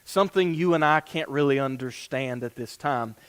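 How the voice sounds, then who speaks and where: A man's voice: mid-range voice, moderate pace, smooth. A man preaching a sermon and reading scripture aloud, earnest and given to restarting phrases. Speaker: pastor.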